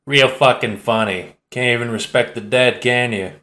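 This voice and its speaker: A man's voice: mid-range voice, moderate pace, bright, forceful tone, lightly acted. A man voicing a profane, mocking male pirate boss with an exaggerated Cockney accent, for an audiobook. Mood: menacing. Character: menacing flashy male pirate boss with cane.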